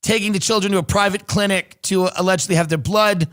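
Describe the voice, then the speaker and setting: A man hosts a comedy podcast in a high, ringing voice. He reads out articles in a casual, wry tone and keeps breaking in with deadpan sarcastic jokes. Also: fast talker. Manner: reads news aloud with sarcastic asides.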